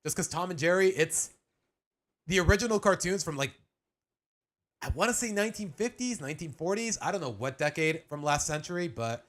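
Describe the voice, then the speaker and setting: A man's voice: on the high side, animated, fairly quick, fairly bright tone. A young adult man chatting casually on a live stream as he reacts to a video, rambling with restarts and slang.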